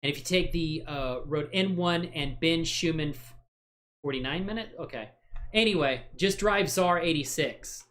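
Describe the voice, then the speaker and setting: A man hosting a software livestream, chatting casually and thinking aloud while he works, rambling and joking at his own expense with frequent laughs. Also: on the high side, normal speed. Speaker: livestream host.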